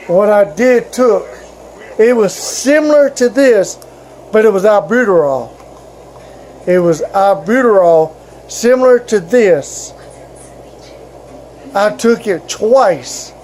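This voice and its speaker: A man's voice: sits high, a little mellow, a little hiss or hum, low-quality recording. A man telling his fellow vloggers a personal story in a casual, rambling way, stopping and restarting often. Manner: halting, rambling, with frequent restarts.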